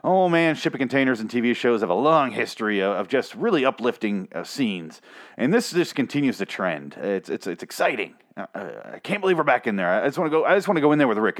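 A man's voice: lowish voice, lively intonation, quick pace. A man reviewing a TV episode in a sarcastic, profane, rambling rant. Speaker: TV show reviewer.

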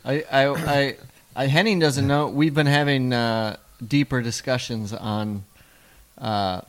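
A man in loose, casual banter, pitched right in the middle for a man. He rambles from joke to joke, restarts his sentences and stumbles through words as he goes. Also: steady tone, slow. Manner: rambling, jokey, trips over his words. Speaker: podcast co-host. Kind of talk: casual chat.

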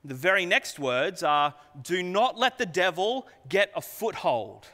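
A man preaching in a bright, high voice that rises and falls widely as he asks earnest rhetorical questions. He speaks slowly and conversationally, and the sound rings with a long hall reverb. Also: sing-song. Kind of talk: sermon.

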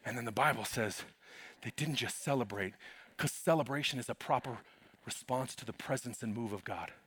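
A man pastor preaching a sermon in an animated, humorous way, calling out to the congregation. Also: medium pitch, normal speed.

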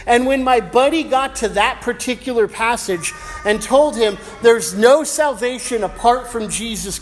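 A middle-aged male pastor preaching an evening sermon, praying and then telling a personal story in a casual, slangy way. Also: very high voice. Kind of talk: sermon with prayer and personal anecdote. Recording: long hall reverb.

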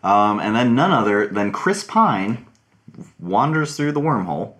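Low-voiced man leading a casual movie chat. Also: sing-song, a little slow, fairly bright tone. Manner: teasing, leads the discussion. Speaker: podcast host.

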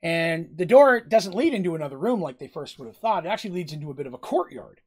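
A man's voice: on the high side, animated, fast, husky. A man running a tabletop game as game master, narrating in a casual, rambling way and often correcting himself mid-sentence.

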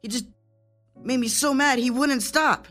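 A young actor playing a frightened, remorseful teenage son in an audio drama. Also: male voice, extremely high pitch, a little slow, bright, forceful tone, soft background music, full character voice. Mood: fearful. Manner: stammering, fearful.

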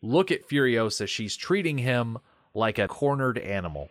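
A man co-hosting a podcast, chatting casually about a movie with wry, lively storytelling and tangents. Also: medium pitch, moderate pace, no echo, studio quality. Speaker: podcast co-host.

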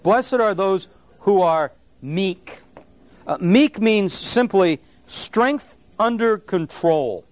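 A man with a high voice preaches a sermon, talking to the congregation in a loose, conversational way. He gets animated and checks in with the listeners as he goes. The sound is dry and close, with little room echo. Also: extremely slow. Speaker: pastor.

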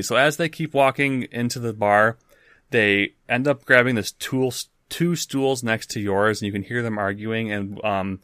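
Casual low-voiced man running a game. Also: measured pace, fairly bright tone, smooth, no room sound, clean studio sound. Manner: loose, casual, swears, restarts. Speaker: game master. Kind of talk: narrating a tabletop game.

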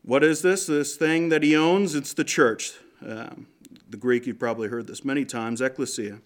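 A man's voice: mid-range voice, steady tone, normal speed. A man preaching a conversational sermon from Canada, often asking the congregation questions.

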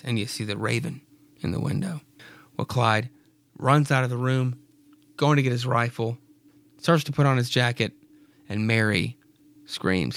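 A man hosting a podcast, retelling a horror comic with a raspy voice and wry, jokey asides. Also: mid-range voice, moderate pace, a bit bright. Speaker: podcast host.

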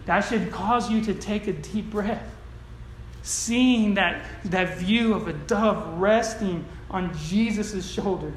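Preaching from a church sanctuary, a male pastor speaks slowly in a voice that sits notably high for a man. He tells stories earnestly, then hammers his points home with emphatic declarations, while the hall adds a roomy echo and a little hiss or hum.

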